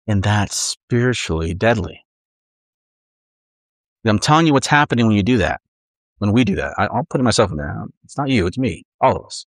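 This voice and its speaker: A man's voice: fairly low pitch, expressive, normal speed, long pauses, no echo, studio quality. A man preaching a conversational sermon, earnest, acting out the inner voices of his listeners.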